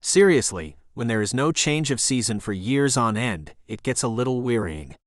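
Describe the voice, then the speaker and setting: A man's voice: mid-range voice, animated, normal speed, no echo, studio quality, natural voice. Narrator reads a shy young woman on the run, polite and guarded.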